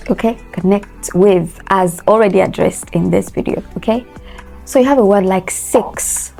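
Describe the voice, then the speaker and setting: Slow, deliberate woman coaching pronunciation. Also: mid-range voice, vocal fry, mellow, faint music behind. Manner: slow, deliberate, repeats words for drill. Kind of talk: pronunciation lesson.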